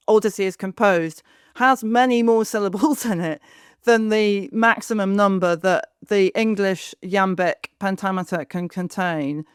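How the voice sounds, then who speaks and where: A woman's voice: mid-range voice, clean tone, no echo, studio quality. A woman co-host summing up points and asking long, winding questions of her guest. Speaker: podcast co-host. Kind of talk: interview conversation.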